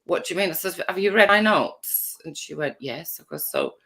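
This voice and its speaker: Blunt woman, animated and bright. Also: on the low side, normal speed, gravelly. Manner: blunt, wry, swearing. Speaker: mother telling stories. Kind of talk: casual chat.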